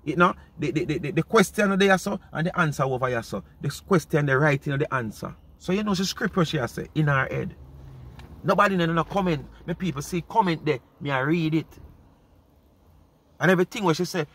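A Jamaican man hosts a casual commentary chat in thick patois. His voice sits a little high, and he keeps hammering his points home with emphatic repetition. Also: expressive, fairly quick, a bit bright, breathy edge. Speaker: commentary channel host.

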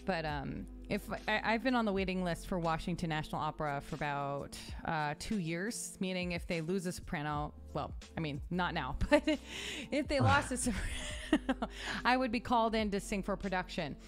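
A woman hosting a casual podcast chat, bubbly and quick to laugh, trailing into restarts. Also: lowish voice, faint music behind. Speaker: podcast host; opera soprano.

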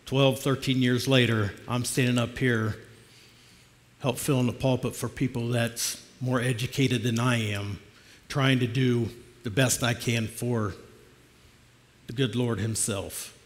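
A man's voice: mid-range voice, steady tone, measured pace, pauses often. A middle-aged man preaching a personal testimony sermon as a lay preacher, in a plainspoken, conversational storytelling way. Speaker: lay preacher filling the pulpit. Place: church sanctuary. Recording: long church reverb.

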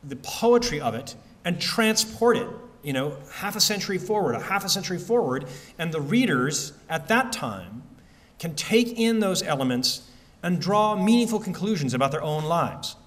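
A man with a slightly raised voice talks easily to a library audience about his novel. He circles back, restarts sentences and pads his answers with casual fillers, sounding unhurried and friendly. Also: on the high side. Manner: relaxed, conversational, many fillers and restarts. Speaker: author answering audience questions. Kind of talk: bookstore-style author talk and Q&A. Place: library event hall.

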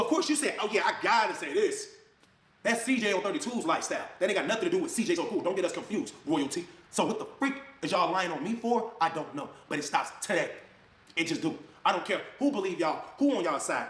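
Man, high fast voice, heated rant, echoey room. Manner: fired up, swings between loud jabs and low mutters, mocks others' voices. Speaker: online video creator.

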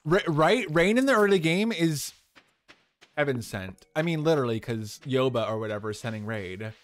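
A man's voice: medium pitch, expressive, normal speed. A young man in drag live-streaming a farming game, chatting casually with viewers and answering their questions with lots of fillers.

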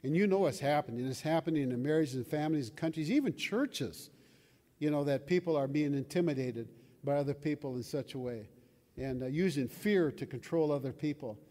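A man's voice: on the high side, lively intonation, fairly quick, dark tone. Older man preaching in a reverberant hall. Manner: conversational, asks the audience questions. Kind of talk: sermon.

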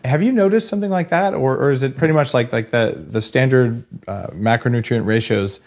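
A man's voice: mid-range voice, a little fast, darkish tone. A man hosting a podcast interview, asking long curious questions with hesitant restarts. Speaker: podcast host.

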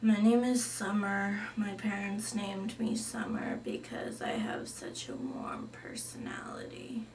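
A woman voicing a gloomy goth girl in whispered role-play, flat and deadpan. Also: sits high, moderate pace, distant mic, a little hiss or hum, close to an everyday voice.

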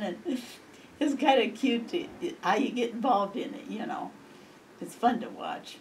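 With a somewhat high, expressive voice at normal speed, an older woman reminisces for an interviewer, rambling cheerfully and often breaking into laughter. Faint background noise comes through the distant mic.

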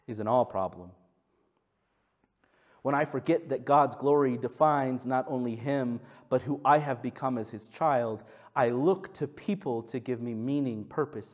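Man, pastor, sermon, animated storytelling, lively acted quotes, softer for scripture. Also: normal speed. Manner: animated storytelling, acts out quotes with big pitch jumps; drops to soft, low delivery when reading scripture.

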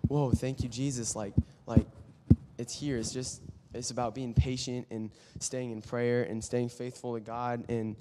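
Young man telling an excited testimony. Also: mid-range voice, long reverb tail, a little hiss or hum. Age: young adult. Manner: animated storytelling, acts out quoted voices, frequent fillers and restarts. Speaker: student speaker at a team devotional. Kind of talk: casual testimony talk. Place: church meeting room.

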